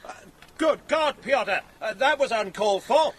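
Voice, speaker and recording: A languid cynic. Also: male voice, extremely high pitch, lively intonation, a little slow, heavily acted. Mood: wry. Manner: languid, dismissive. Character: worldly, cynical gentleman. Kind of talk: radio drama acting.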